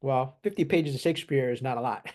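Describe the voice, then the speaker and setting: A man in casual chat, relaxed, explaining technical points with examples and small laughs. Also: mid-range voice, fairly quick. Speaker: AI expert guest.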